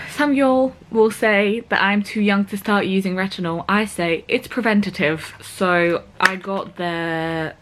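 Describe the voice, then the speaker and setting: A woman's voice: fairly low pitch, fairly bright tone, slight background noise. Chatty young woman vlogging from her bedroom. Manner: chatty and self-deprecating, joking asides. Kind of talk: casual chat. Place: her small bedroom at home.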